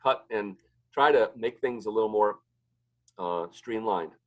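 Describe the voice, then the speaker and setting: Man telling lively kitchen stories. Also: on the low side, a little slow, poor audio. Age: adult, married. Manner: animated storyteller, acts out what others said. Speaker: pizzeria owner, podcast guest. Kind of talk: casual interview chat.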